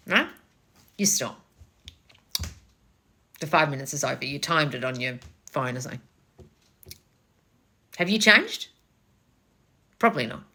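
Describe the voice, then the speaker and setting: A woman's voice: on the low side, sharp tone. A woman giving a blunt, casual motivational talk, swearing freely as she coaches viewers. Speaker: manifestation coach.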